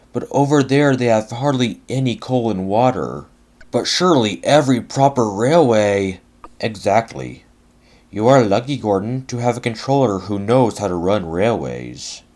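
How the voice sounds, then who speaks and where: A man's voice: mid-range voice, lively intonation, a little slow, a little mellow. A man voicing a boastful, cheerful male express steam engine in a fan-made storybook adaptation. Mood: earnest.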